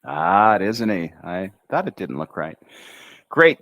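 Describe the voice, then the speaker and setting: An American man teaching English pronunciation on a livestream, drawing out syllables slowly and thinking aloud as he writes. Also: on the low side, big pitch swings, gravelly, a bit bright, no room sound. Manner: slow, drawn-out enunciation of syllables; chatty, thinks aloud while writing. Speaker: English tutor.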